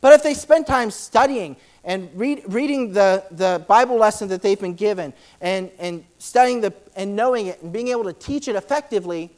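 A man delivers a church sermon and reads scripture aloud in a high voice. He talks fast and excitedly, repeating words often as he presses on.

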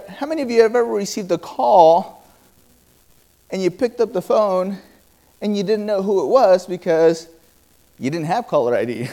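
A man with a notably high voice preaches a sermon to a congregation. He tells personal stories, acts out bits of dialogue, and often stops to restart a phrase. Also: mellow. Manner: storytelling with quoted dialogue and halting restarts.

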